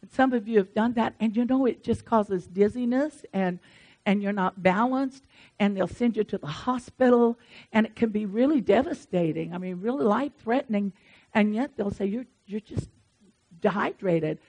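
A woman's voice: mid-range voice, normal speed, a little mellow. A woman preaching a conversational sermon in an earnest, encouraging and folksy way, with asides to her congregation.

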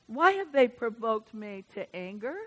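A woman preaching a sermon in church. She swings from hushed asides to loud, emphatic bursts. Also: a little high, sing-song, measured pace. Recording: reverberant church hall.

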